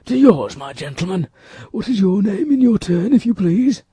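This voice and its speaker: A man's voice: high-pitched, big pitch swings, normal speed, dark tone, slightly rough, no room sound, pitched above the performer's own voice, exaggerated voice. A man reading an audiobook, voicing a polite, formal officer in charge of the guards.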